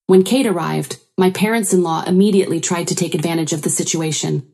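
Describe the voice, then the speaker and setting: Woman reading a sad personal story, low mellow voice, earnest. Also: quick pace, creaky, husky. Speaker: narrator. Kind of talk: scripted first-person story narration.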